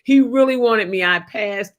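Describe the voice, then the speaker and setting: A woman hosting a casual talk show, telling a story in an animated way and laughing often. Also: medium pitch, moderate pace. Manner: animated, shouts when quoting people, laughs often. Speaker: host.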